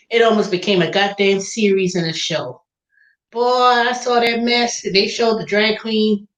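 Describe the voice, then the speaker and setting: A woman's voice: medium pitch, fairly bright tone. A woman hosting a casual chat, telling stories about her phone sales calls and acting out callers in quoted voices. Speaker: podcast host. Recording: roomy, dull lo-fi sound.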